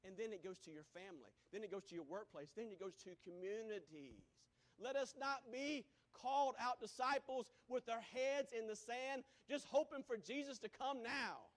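High-voiced man preaching with shouting bursts. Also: animated, moderate pace. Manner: impassioned, swings from shouting to hushed. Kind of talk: sermon. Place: church.

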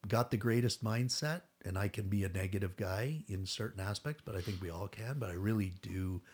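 A man's voice: fairly low pitch, a little fast, darkish tone, slightly rough. A middle-aged man telling a long story as a podcast guest, rambling and acting out what others said, with casual swearing.

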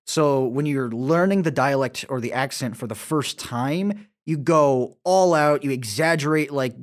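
A man's voice: medium pitch, a little slow. A man co-hosting a casual chat, explaining stage dialects in a teacherly way. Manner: explanatory, teacherly about accents. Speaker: podcast co-host.

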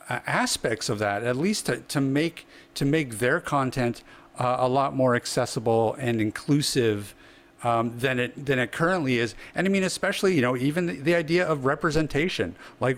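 Thoughtful man asking panel questions. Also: medium pitch. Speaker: panel guest. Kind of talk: panel discussion.

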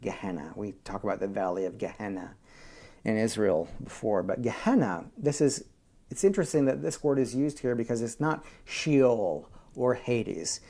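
A male pastor preaching a sermon. He reads scripture, calls for amens from the congregation, and moves between hushed whispers and rousing shouts with chatty asides. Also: lowish voice, lively intonation, normal speed. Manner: call-and-response with the congregation.

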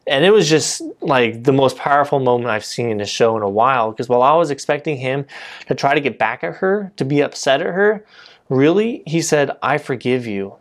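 A man's voice: medium pitch, fairly quick. A man giving a casual, conversational sermon, often saying "you know" and restarting his sentences. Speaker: preacher.

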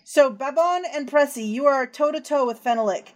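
A woman's voice: high-pitched, normal speed. A woman narrating as game master of a tabletop horror game, casual and descriptive, with frequent fillers.

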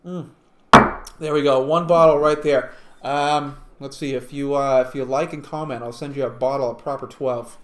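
A man co-hosting a casual chat, rambling and joking, often trailing off softly. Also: medium pitch, fairly even intonation, moderate pace. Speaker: co-host. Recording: echoey room with faint noise.

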